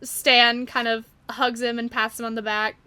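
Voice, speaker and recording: A woman narrating a tabletop game as game master, laughing as she goes and pausing often. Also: on the high side, little pitch movement, pushed and bright, clean tone, dry recording.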